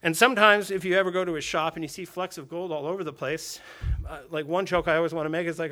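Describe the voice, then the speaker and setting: A man's voice: fairly high pitch, steady tone, quick pace, bright, forceful tone. A man preaching to a group of men, conversational, with rhetorical questions and phrases said twice. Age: adult with a daughter and wife. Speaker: pastor. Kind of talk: sermon to a men's gathering.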